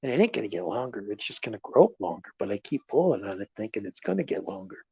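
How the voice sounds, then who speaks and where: A man hosting a casual livestream, rambling through stories with animated swings between loud remarks and murmured asides. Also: on the low side, quick pace, gravelly, husky, no room sound. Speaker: livestream host. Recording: dull lo-fi livestream audio.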